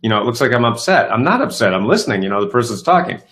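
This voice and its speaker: A man's voice: mid-range voice, very animated, very fast, a bit bright. A middle-aged man hosting a self-help live show, talking casually and upbeat with many fillers and restarts. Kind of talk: casual live-stream talk.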